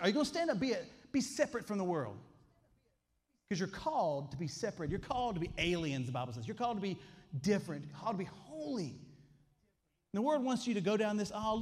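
A man, preaching a sermon with emphatic call-and-response lines. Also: high-pitched. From Alabama, US. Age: 40s. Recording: long hall reverb.

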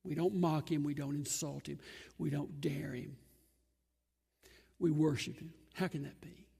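A man preaching an earnest sermon, emphatic and pausing often between phrases. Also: fairly high pitch, fairly even intonation, gravelly, dark tone, breathy edge. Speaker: pastor. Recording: long hall reverb.

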